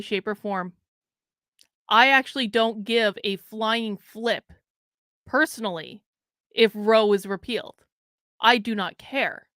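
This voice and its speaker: Bright, crisp-voiced woman livestreamer. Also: mid-range voice, no room sound, studio quality. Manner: frank and blunt, talks straight to chat, swears. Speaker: livestream host. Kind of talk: casual political commentary livestream.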